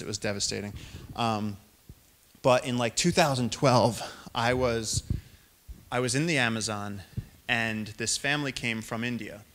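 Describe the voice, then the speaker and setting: A man in his thirties, a naturalist giving a public talk, telling stories in an animated way and acting out quoted voices. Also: mid-range voice. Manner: animated storyteller, acts out quotes in raised voices. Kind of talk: storytelling lecture.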